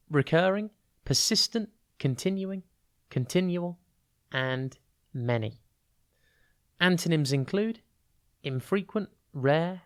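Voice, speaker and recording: Explaining clearly and deliberately in a medium-pitched voice, a tutor gives a vocabulary lesson for a podcast. Words are spelled out letter by letter, and key words are stretched to show where the stress falls.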